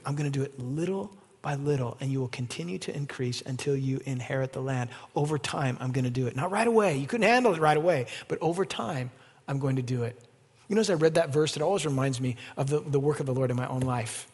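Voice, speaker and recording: A man preaching an evening sermon as pastor, animated and rising to emphatic peaks, then leading a closing prayer. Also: fairly high pitch, quick pace, husky. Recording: long hall reverb.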